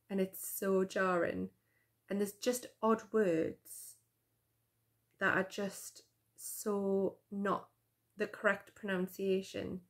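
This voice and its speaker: A woman chats to her camera about her reading, rambling along with plenty of ums and restarts. Her mid-pitched voice has a steady gravelly fry running through it. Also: slow pace. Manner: chatty, rambling, with many fillers and restarts. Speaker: vlogger. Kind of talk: casual chat to camera. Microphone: camera mic.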